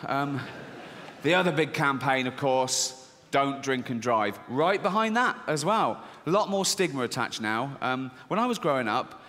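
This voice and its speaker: A middle-aged man doing stand-up comedy, deadpan and swearing, acting out squeaky voices in a theater. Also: measured pace, in a large hall. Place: large theater with audience. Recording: live theater, audience laughter.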